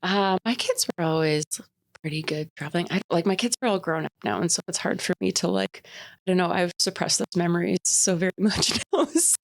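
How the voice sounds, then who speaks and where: A woman, telling a travel story on a podcast with animated energy and frequent laughter. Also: on the low side, brisk, vocal fry, dry recording. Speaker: podcast co-host. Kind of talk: casual chat.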